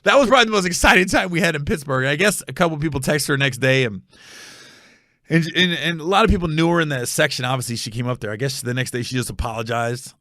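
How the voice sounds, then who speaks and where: A man hosting a comedy podcast, telling a story in a casual, animated, rambling way with many restarts. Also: a little high, quick pace, no echo, clean studio sound.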